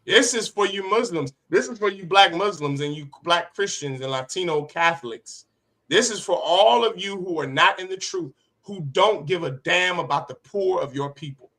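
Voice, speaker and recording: Male preacher leading a class, fairly high bright tense voice, fiery and rhetorical. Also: lively intonation, normal speed. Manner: impassioned, rhetorical, sharp swings in loudness. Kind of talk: street-preacher sermon.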